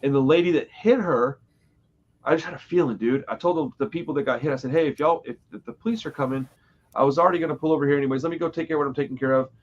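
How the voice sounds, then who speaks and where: A man hosting a podcast in casual chat, telling stories with lively acted-out quotes. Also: fairly high pitch, very fast, highs cut off. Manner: animated storytelling, acts out quotes loudly. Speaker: podcast host.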